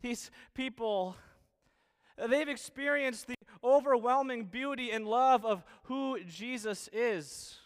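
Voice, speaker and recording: A man preaching a sermon, earnest, asking the same questions again and again with pauses and restarts. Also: very high voice, clear, resonant tone.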